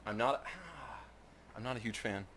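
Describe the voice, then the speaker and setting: A man playing a video game with a co-host, casual and exasperated, breaking into loud outbursts. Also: lowish voice, steady tone, measured pace, a little hiss or hum. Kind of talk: casual gaming banter.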